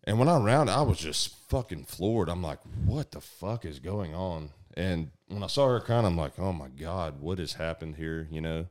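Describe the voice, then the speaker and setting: This is a man with a deep, low voice and a drawl, recounting a story to a group of friends. He talks loosely and profanely, and throws himself into the retelling by acting out the shouts and quoted lines. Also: moderate pace, hardly any pauses. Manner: profane, animated, acts out voices. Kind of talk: casual storytelling.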